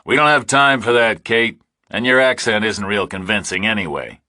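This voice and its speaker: A man voicing a blunt, steady lone hero who talks in short, firm sentences in an audiobook thriller. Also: on the low side, moderate pace, no room sound, studio quality, pitched above the performer's own voice.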